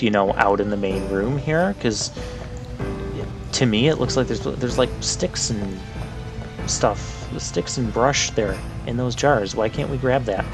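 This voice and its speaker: A man hosting a let's play, chatting casually and wryly about the game, with a lightly sarcastic edge. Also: mid-range voice. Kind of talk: casual gameplay commentary. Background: game music.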